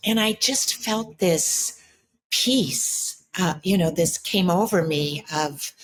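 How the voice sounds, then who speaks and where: Middle-aged woman, low voice, earnest and reflective, keeps restarting sentences as she tells her story. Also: slow pace. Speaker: ancestral healer and spiritual coach. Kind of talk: interview guest telling a personal story.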